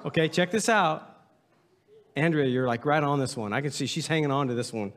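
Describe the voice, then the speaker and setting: A man's voice: on the high side, fairly quick, a bit bright, in a large hall. A male pastor giving a humorous sermon to his congregation, joking and reading aloud with mock drama. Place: church sanctuary.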